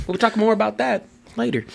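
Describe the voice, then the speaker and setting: A man co-hosting a podcast in casual sports chat, animated and laughing often. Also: sits high, creaky. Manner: animated, laughs often, slips into mock voices. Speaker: podcast co-host.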